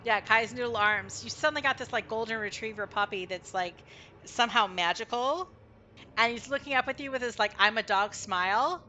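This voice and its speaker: A woman runs a tabletop game and narrates each scene in a lively, animated way. Her voice is bright and clear, with a faint hiss of noise behind it. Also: a little high, fairly quick. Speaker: game master.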